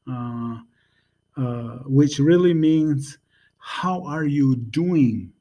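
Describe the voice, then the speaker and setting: A man walks through greetings in a relaxed, informal lesson, leaving long gaps between his words. He sounds out each phrase slowly and spells it letter by letter. His voice sits at an ordinary pitch. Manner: relaxed and unhurried, with many pauses and fillers. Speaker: language teacher. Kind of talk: casual spoken language lesson.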